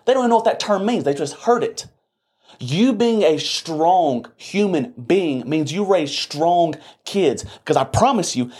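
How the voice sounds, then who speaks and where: A man's voice: a little high, a little mellow, breathy edge. A young adult man co-hosting a podcast, delivering a heated, preachy and profane motivational rant about strength and discipline. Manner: fiery, preachy, blunt and profane. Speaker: podcast co-host.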